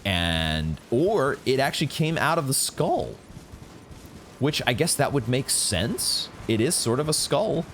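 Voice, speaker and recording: A man giving excitable, swear-laden commentary while playing a video game. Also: mid-range voice, measured pace, slight background noise. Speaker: gaming channel host. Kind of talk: live gameplay commentary.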